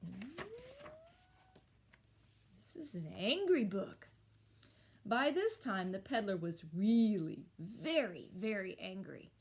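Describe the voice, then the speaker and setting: A woman teacher reading a picture book aloud to children, with expressive storytelling and little asides. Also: mid-range voice, takes it slowly, long pauses. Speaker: elementary school teacher.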